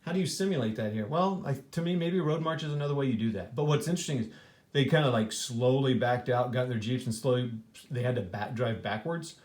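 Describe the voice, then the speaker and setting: A man's voice: mid-range voice, fast talker, a little mellow. Rambling man in an echoey room. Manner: rambling, restarts sentences, many fillers. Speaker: board wargame player reviewing his game. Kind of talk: casual thinking-aloud analysis.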